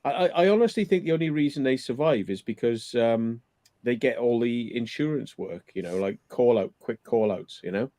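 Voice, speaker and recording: A man's voice: mid-range voice, lively intonation, moderate pace, warm tone, no room sound. A man in casual chat, telling an indignant story and swearing freely.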